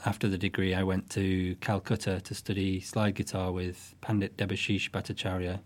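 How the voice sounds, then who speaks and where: A man with a fairly low voice, talking through his music in a relaxed interview. He speaks thoughtfully, circling back and restarting phrases as he explains. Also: moderate pace. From northwest England. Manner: thoughtful, with frequent restarts and soft fillers. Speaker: guest musician. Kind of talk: casual interview.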